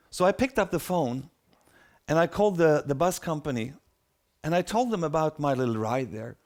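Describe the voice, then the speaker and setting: Middle-aged man, animated storyteller who acts out quotes, voice a bit high. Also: normal speed. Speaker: speaker. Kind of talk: storytelling talk.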